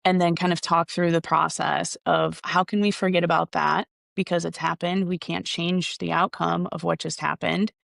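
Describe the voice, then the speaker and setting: A young woman coaching golf gives earnest, reflective answers in an interview. Her voice has a gravelly edge, and the sound is dry and close. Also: on the low side, little pitch movement, moderate pace, few pauses, a bit bright, no room sound.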